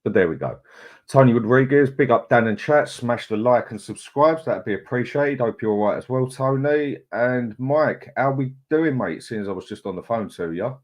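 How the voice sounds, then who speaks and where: A man's voice: medium pitch, expressive, moderate pace. A middle-aged man, hosting a casual live chat, greeting viewers in a chatty, laid-back way. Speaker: livestream host.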